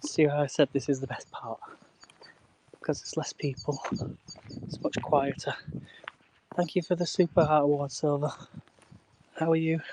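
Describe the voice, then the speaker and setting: A man's voice: fairly high pitch, fairly even intonation, normal speed, long pauses, background noise. Chatty man streaming outdoors. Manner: chatty, greets viewers and laughs often. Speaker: live streamer. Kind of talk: casual live-stream chat while walking. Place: outdoors on a canal towpath.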